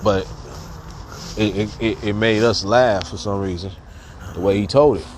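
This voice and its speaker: A man's voice: fairly low pitch, steady tone, unhurried, slight background noise. Laid-back man telling stories. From Chicago. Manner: laid-back, profane, joking. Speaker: podcast host. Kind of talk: casual storytelling.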